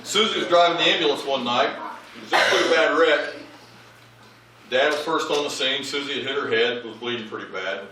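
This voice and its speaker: A man delivers a funny eulogy for his father, acting out the lines of each story. His voice is bright and forceful. It rings through a big echoey hall, heard from well back from the mic. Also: mid-range voice, fairly quick, recorded from a distance. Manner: animated comic anecdotes, acting out quoted lines. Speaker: eulogist, child of the deceased. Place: large memorial service hall.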